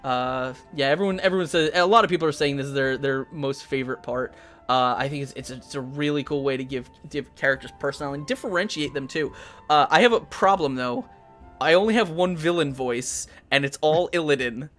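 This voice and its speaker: A man's voice: medium pitch, a little fast, fairly bright tone, faint music behind. A man hosting a live tabletop chat stream as the dungeon master, talking in rambling bursts with many restarts.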